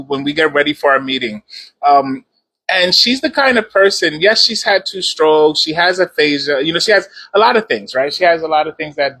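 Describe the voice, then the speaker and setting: A man with a slightly high, bright and forceful voice talks to viewers in a casual live stream. He is encouraging and repeats his points for emphasis. He is speaking into a phone. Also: rough recording.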